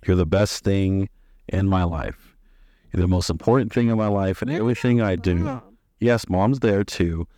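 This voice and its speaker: A man's voice: low voice, warm tone, no echo, clean studio sound. A man hosting a casual, rambling chat with his sons, affectionate and joking. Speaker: father and podcast host.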